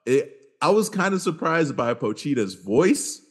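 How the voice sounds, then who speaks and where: A man's voice: on the high side, very animated, unhurried, breathy edge. A man hosting a casual podcast chat, talking in a loose, laid-back way with plenty of swearing and frequent laughs. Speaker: podcast host.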